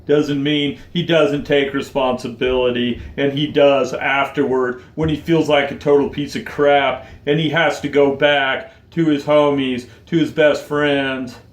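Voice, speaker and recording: A man in his forties speaking in a heartfelt, confessional vlog, choked up and close to tears. He talks very slowly with halting pauses at a middling pitch. His voice rings in a noticeably echoey room. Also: level tone. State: choked up, tearful. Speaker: vlogger.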